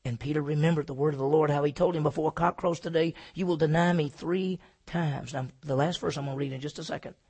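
Male pastor, slightly high gravelly voice, husky; preaches loud then drops to a hush. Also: steady tone, quick pace, few pauses. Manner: swings from loud emphatic preaching to hushed, near-whispered lines; asks the congregation questions and answers them himself. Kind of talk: sermon.

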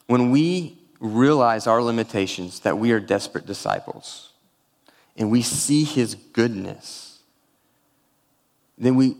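A male pastor preaches in a large hall, his voice trailing into long reverb. He moves between a heartfelt personal story and scripture, at a middling pitch, speaking with open emotion. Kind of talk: sermon.

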